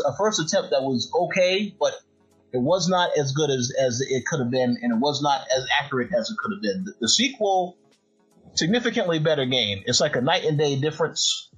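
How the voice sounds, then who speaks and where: A podcast host in casual chat, his voice husky and slightly breathy. He trips over repeated words and hedges his points. The audio is dull and lo-fi. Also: fairly high pitch, fairly bright tone. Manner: stammers on repeated words, hedging.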